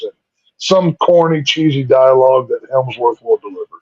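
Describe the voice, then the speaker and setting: A man chiming in quickly during a casual movie review chat, heard on a dull lo-fi mic. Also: mid-range voice, dry recording.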